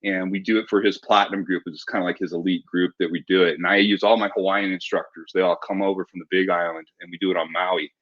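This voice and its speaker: A man in his forties, a martial arts instructor, telling stories in a relaxed interview with frequent restarts. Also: sits low, quick pace, few pauses. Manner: relaxed storyteller with many restarts. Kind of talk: casual interview talk. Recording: dull lo-fi audio.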